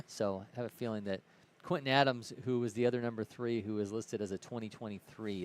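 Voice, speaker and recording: A man from Ohio calling a live baseball game play-by-play in an easygoing way, correcting himself as he goes. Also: lowish voice. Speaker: play-by-play commentator.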